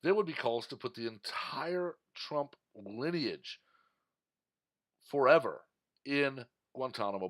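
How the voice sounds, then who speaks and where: A man's voice: on the low side, a bit bright. A man from Texas delivering an indignant, emphatic political commentary monologue, ranting at his audience.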